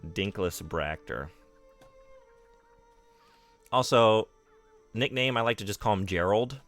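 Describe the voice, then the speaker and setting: Soft background music plays as a man casually chats with viewers during a gaming stream, answering chat and teasing himself. His mid-range voice has a fairly bright tone and moves at normal speed.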